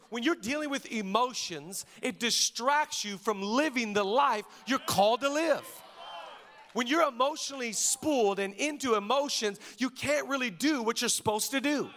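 A man in his thirties preaching with a high, light voice. He tells family stories with lively, jokey energy and acts out the people in them, then drops to a hushed, earnest tone to pray. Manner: lively, jokey storytelling with exaggerated quoted voices. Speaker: pastor. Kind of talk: sermon with prayer and storytelling.

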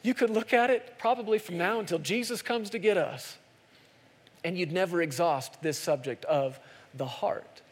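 Male pastor, sermon delivery, high-pitched, punchy repeated calls, reverberant church room. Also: moderate pace. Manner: preaching with rising intensity and repeated calls.

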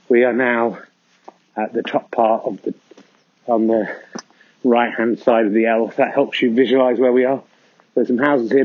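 A man's voice: mid-range voice, dry recording. A man delivering a rambling, mock-serious comedy monologue while walking outdoors through a foggy field. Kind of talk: deadpan absurd comedy monologue. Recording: dull lo-fi sound.

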